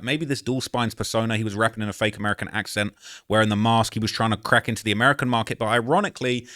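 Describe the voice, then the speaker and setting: A man in his late twenties with a medium-pitched, slightly bright voice hosts a reaction video. His casual commentary is slangy and chatty, and he keeps checking in with the listener.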